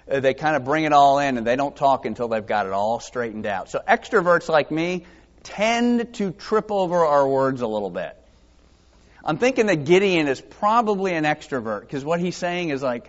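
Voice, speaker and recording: A man preaching a sermon in a conversational, self-deprecating way, acting out the quotes he reads. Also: a little high. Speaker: pastor. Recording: dull lo-fi sound.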